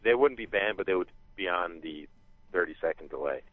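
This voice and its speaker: Male co-host, very low voice, fast dry quips, muffled recording. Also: expressive, no room sound. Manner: dry, quick wisecracks. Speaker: podcast co-host. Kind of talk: casual sports podcast chat.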